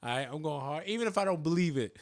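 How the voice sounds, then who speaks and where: Guy hosting a podcast, kinda high voice, dry, swears a lot and keeps laughing. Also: quick pace, no echo. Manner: animated, profane, laughs often. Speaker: podcast host. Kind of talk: casual podcast chat.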